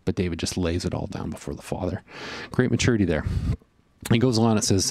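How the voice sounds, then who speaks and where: A little fast and darkish in tone, the pastor's low voice carries an earnest, conversational sermon. He often voices his inner thoughts and leans on fillers, and the recording is dry.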